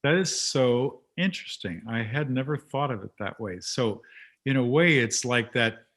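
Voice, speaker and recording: A male host in a relaxed conversation, warm-paced and talkative, with a middle-pitched voice. He gets animated as he acts out things people said to him. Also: moderate pace. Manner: chatty, animated when telling stories. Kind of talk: casual interview chat.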